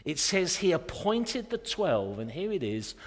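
A man's voice: fairly high pitch, very animated, measured pace. A man preaching a sermon as pastor, earnest and direct, asking his congregation pointed rhetorical questions. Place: church sanctuary. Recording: long reverb of a church hall.

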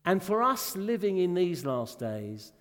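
A man's voice: sits high, big pitch swings, unhurried. A male preacher giving a sermon, exclaiming often and asking the congregation rhetorical questions. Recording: long hall reverb.

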